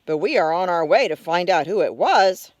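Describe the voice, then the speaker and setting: A woman's voice: fairly low pitch, lively intonation, normal speed, dry recording, dull audio, lightly acted. A woman voicing a cranky male possum in a storybook read-aloud, indignant and demanding. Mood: determined.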